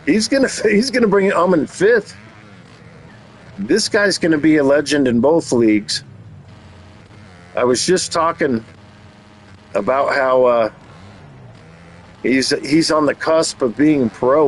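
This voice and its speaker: Slow, joking race commentator man. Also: on the high side, slight background noise, rough recording. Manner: jokey, teasing asides between race calls. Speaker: race commentator and channel host. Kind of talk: playful play-by-play commentary.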